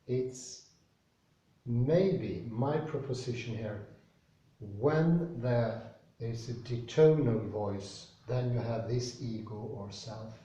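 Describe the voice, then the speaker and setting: Slow, mellow man musing aloud. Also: lowish voice. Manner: slow, searching, hesitant. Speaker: reading group participant. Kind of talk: reflective discussion. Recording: roomy, distant mic.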